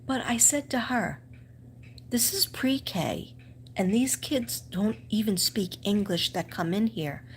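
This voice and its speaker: A woman's voice: medium pitch, expressive, unhurried, hardly any pauses, slight background noise. A middle-aged woman with a strong Staten Island New York accent, chatting on a live stream, telling stories full of fillers and asides. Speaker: teacher and live-stream host. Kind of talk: casual live-stream chat.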